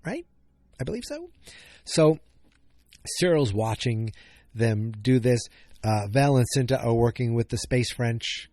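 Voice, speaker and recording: A man's voice: medium pitch, expressive, a little slow, long pauses, warm tone, no room sound, clean studio sound. A man hosting a podcast, recapping an episode in a casual, rambling way, often correcting himself and cracking jokes. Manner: rambling, self-correcting, jokey. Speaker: podcast host.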